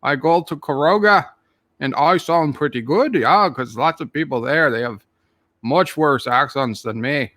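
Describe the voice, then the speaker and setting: A man's voice: on the high side, a little slow, sharp tone, no room sound. A man doing a jokey leprechaun with a put-on Irish brogue. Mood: storytelling. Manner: rambling, jokey, full of "aye" and "wee lad". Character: jolly Irish leprechaun man spinning tall tales. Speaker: channel host. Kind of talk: comic character monologue.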